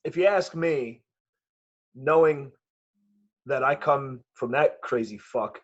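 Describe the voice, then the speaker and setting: A middle-aged man, a jiu-jitsu gym owner telling a profane, animated story in casual chat. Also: medium pitch, slow pace. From New York. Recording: dull lo-fi audio.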